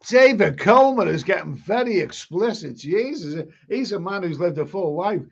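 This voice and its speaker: Reading out comments from his viewers, this live stream host has a fairly high yet gravelly, slightly rough voice, animated and moderately paced. His talk wanders, with doubled words and restarted sentences, over a muffled, low-fidelity sound.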